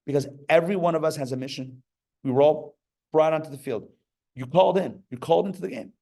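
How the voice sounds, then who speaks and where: A man preaching as a rabbi at a live class, his voice a little higher than most and gravelly. He is animated, acts out the people he quotes and breaks into jokey asides. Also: quick pace. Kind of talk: lively sermon. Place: live class before an audience.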